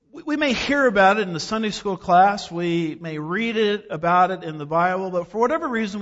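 A man's voice: sits high, a bit bright. A man preaching a sermon, emphatic, with rhetorical questions and folksy asides. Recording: dull sound with long hall reverb.

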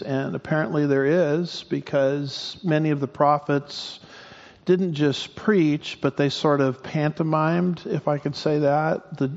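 A man preaches a verse-by-verse sermon in a church sanctuary, his voice a touch higher than most men's. He jokes with the congregation in a folksy way and now and then trips over a word. The sound is a little muffled and rings with a long hall reverb. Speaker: pastor.

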